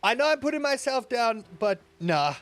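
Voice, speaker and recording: A man streaming a game, telling rambling, animated stories with sudden loud outbursts. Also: extremely high pitch, normal speed, faint music behind. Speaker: gaming streamer. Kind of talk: casual stream chat while playing.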